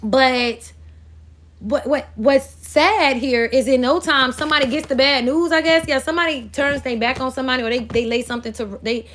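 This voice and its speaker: High-voiced blunt woman giving a reading. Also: fairly even intonation, normal speed, fairly bright tone. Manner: blunt, profane, rambling. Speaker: spiritual reader. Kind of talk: casual astrology reading.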